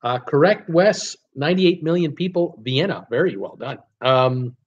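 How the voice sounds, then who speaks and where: A man's voice: fairly high pitch, lively intonation, moderate pace, lo-fi sound. A man hosting a casual live-stream trivia quiz, reading out viewers' guesses with lots of ums and uhs and chuckling at his own jokes.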